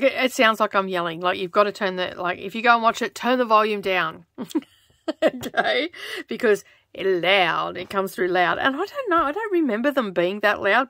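An Australian woman chatting casually as she stitches, rambling and laughing often, keeping her voice lowered toward a close microphone in her home craft studio. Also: a bit bright, dry recording. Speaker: craft vlogger. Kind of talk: casual chat while stitching. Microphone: close microphone in front of her.

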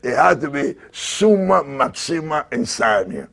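A man preaching a fiery sermon as an apostle, who shouts, repeats his lines and laughs between them. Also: medium pitch, sing-song, measured pace, gravelly.

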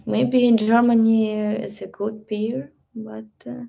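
Slow, gravelly Russian-accented woman. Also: on the high side, level tone. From Ukraine. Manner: halting non-native English with frequent soft whispered asides. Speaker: gymnastics and stretching coach. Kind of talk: casual live stream chat.

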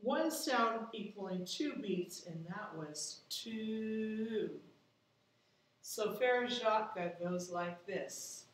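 A woman's voice: medium pitch, animated, drawn-out words, slight background noise. A woman teaching a music lesson to children at home, patiently explaining and counting out rhythm syllables. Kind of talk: distance-learning music lesson. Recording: echoey room, mic at a distance.

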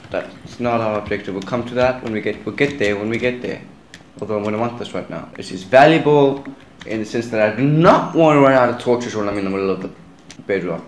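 A man's voice: on the low side, reverberant, slight background noise. A young man giving casual, chatty commentary while he plays a video game, talking straight to his viewers. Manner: chatty, talks to viewers as guys. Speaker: gaming channel host.

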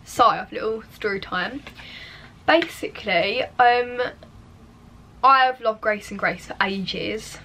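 A woman's voice: medium pitch, a little slow, pushed and bright, slight background noise. A young woman vlogging casually to camera from her bedroom, chatty and confiding, sometimes dropping to a near whisper. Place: bedroom at home.

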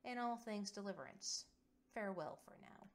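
A woman voicing a kindly, commanding male general who speaks in a steady, reassuring rumble. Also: moderate pace, lightly acted. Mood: warm commanding.

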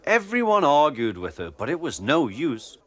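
A man narrating a children's storybook in a gentle, expressive way, with music playing underneath. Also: fairly high pitch, normal speed.

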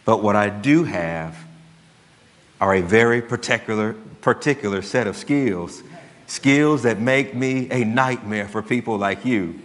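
A preacher voicing a calm, threatening father on the phone. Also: fairly low pitch, unhurried. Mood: steady menace. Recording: long church hall reverb.

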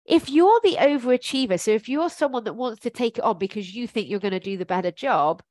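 A woman's voice: on the high side, animated, fairly quick, a little mellow, dry recording. Chatty woman coaching, dry sound. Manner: chatty and encouraging, thinks aloud with many ums. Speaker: life coach. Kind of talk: informal coaching talk.

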